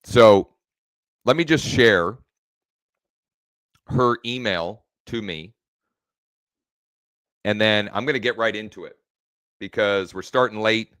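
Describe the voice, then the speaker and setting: Man, real estate coach, home live stream; slow, low, restarts lines, dry sound. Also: fairly bright tone, clear, resonant tone, no echo. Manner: rambling, self-correcting, restarts phrases. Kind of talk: casual live-stream teaching.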